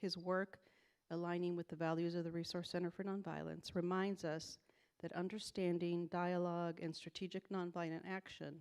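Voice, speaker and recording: Breathless lady reading a formal speaker intro off a page, lowish voice, trips over words. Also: darkish tone, smooth. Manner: reads a prepared speech, stumbles and laughs at slips. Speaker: executive director introducing a speaker. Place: event hall.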